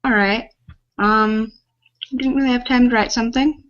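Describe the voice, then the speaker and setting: A woman's voice: fairly high pitch, steady tone, moderate pace, a bit bright, dull audio. A woman co-hosting a comedy podcast who speaks in a dry, hesitant way. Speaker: podcast co-host. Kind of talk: casual comedic banter.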